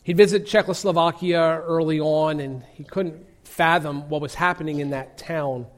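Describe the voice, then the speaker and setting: A man preaching a sermon, telling a story earnestly with emphatic pauses. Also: on the high side, fairly even intonation.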